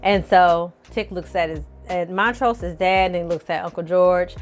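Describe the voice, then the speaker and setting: A woman casually recapping a TV episode for viewers, telling the story in a lively, slangy and profane way. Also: fairly low pitch, normal speed, soft background music. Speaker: film and TV reviewer.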